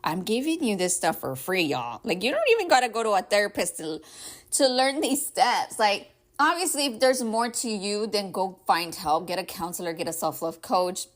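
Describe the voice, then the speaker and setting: A woman hosts a casual advice podcast at an easy middle pitch. She rambles warmly and leans on fillers like "right?" and "y'all". At times she sounds emotional and close to tears. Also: big pitch swings, normal speed. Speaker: podcast host.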